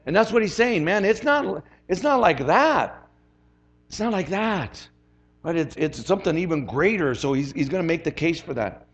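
A man's voice: fairly high pitch, expressive, normal speed. A man preaching as a pastor, conversational and emphatic, often repeating his phrases. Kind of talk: sermon.

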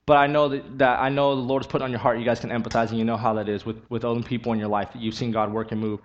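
A man's voice: medium pitch, level tone, racing. A young man preaching a sermon and telling his testimony, earnest and emphatic, driving points home by repeating them. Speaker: youth preacher. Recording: dull lo-fi recording.

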